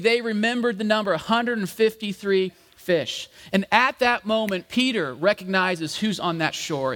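A man with a fairly high voice preaching a relaxed, jokey sermon. He talks to the congregation like old friends and acts out the quoted voices. A long reverb trails his words around the hall. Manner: casual, jokey, addresses the congregation as guys. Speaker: pastor. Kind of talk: conversational sermon.

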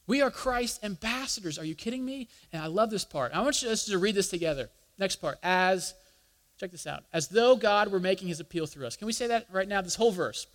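A male pastor preaching a sermon in an animated way, asking the congregation to join in aloud. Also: high-pitched, normal speed. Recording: long reverb of a large hall.

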